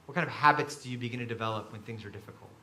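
A man preaching a sermon to a room full of listeners, swinging between quiet reflection and loud emphasis as he acts out quoted voices. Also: mid-range voice, racing, roomy sound, a little hiss or hum. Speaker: pastor. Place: large room with an audience.

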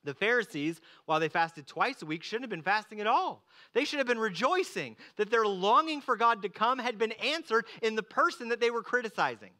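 A man preaching a sermon, earnest, moving from loud emphatic lines to slow, hushed ones. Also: very high-pitched, animated. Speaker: pastor.

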